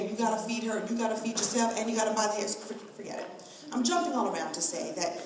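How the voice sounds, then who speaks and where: A middle-aged woman speaking to an event crowd, telling a personal story in an animated way and acting out the voices she quotes. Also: medium pitch, background noise. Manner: expressive, acts out quoted voices, laughs often. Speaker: guest speaker at a hair event. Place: large event room. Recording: echoey hall from far off.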